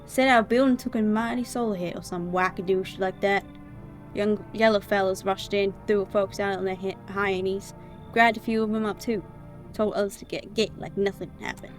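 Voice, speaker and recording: A woman's voice: mid-range voice, fairly even intonation, normal speed, faint music behind, natural voice. A woman voicing a folksy older Southern woman who has been evicted, with a Southern American accent and a drawling, colloquial way of talking.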